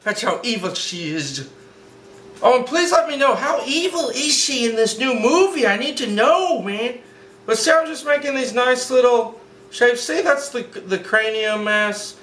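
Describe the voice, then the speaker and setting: A man hosting a drawing tutorial from home, talking in an excitable, rambling, hyper way. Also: very high voice, measured pace. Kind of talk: casual drawing lesson. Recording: echoey room.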